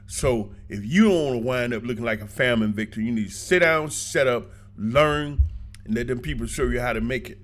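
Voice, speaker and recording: A man's voice: medium pitch, brisk. Brief: man vlogger, casual storyteller, colloquial, laughs a lot, gives blunt advice. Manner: animated, colloquial, laughs often, preachy asides. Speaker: vlogger giving travel advice.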